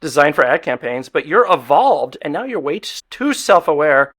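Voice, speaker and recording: Male game show host, a touch high-pitched, quick with a joke while reading cards. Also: very animated, a bit bright. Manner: wisecracking, reads prompts aloud. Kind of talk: joking podcast game show banter.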